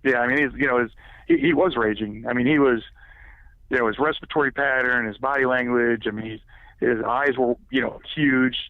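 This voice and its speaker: A man's voice: mid-range voice, fairly even intonation, a little fast, no room sound. A man telling a personal story as a podcast guest, rambling and leaning heavily on filler words, heard over a tinny phone-like line.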